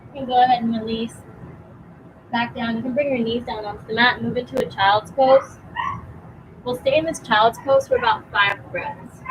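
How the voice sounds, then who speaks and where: A young woman teaching a yoga class outdoors, giving calm, encouraging cues with casual fillers, a bit out of breath. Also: on the high side, noisy background. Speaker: yoga instructor. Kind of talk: guided yoga class instruction.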